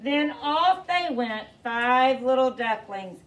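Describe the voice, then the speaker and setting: A woman teacher reading a picture book aloud to her class in an animated way, asking the children questions. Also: sits high, unhurried. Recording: distant mic, faint noise.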